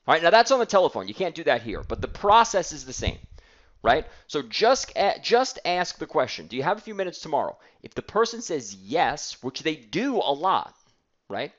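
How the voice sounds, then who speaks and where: A man's voice: a little high, very animated, moderate pace, a bit bright, lo-fi sound. A man giving a blunt sales training talk, acting out calls and mocking timid salespeople.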